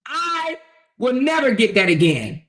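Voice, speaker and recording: A woman's voice: sits high, sing-song, a little slow. A woman mocking a bitter, ranting ex-husband. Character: bitter spiteful ex-husband, middle-aged man, self-pitying. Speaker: commentary host. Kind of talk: satirical commentary role-play.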